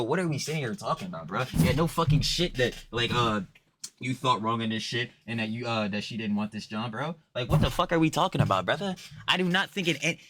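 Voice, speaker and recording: A young man giving heated, profane, exasperated reaction commentary full of slang. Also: mid-range voice.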